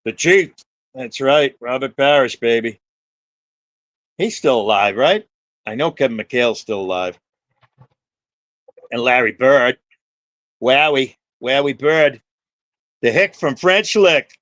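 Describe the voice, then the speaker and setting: A man's voice: medium pitch, expressive, slow pace, long pauses, fairly bright tone, no echo. A man hosting a livestream, chatting with viewers by name in a rambling, profane, jokey way. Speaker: livestream host.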